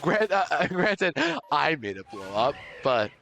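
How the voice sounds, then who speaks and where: Excitable young male streamer, high and lively. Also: a little slow, a little hiss or hum. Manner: excitable, loudly overreacting. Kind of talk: live game stream chat.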